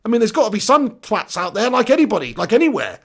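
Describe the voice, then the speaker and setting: Chatty male live-stream host, gravelly. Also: sits high, big pitch swings, fast. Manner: chatty, laughs often, reads out viewer comments. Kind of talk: casual live-stream chat.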